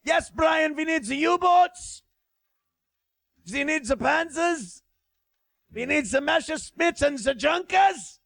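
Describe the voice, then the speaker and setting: A man doing a ranting, bombastic caricature of a male German dictator with a mock German accent, shouting as a comic bit on a livestream. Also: very high-pitched, gravelly, no room sound, pitched above the performer's own voice, exaggerated voice. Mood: mock shame. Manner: barking, bombastic, mock-pleading.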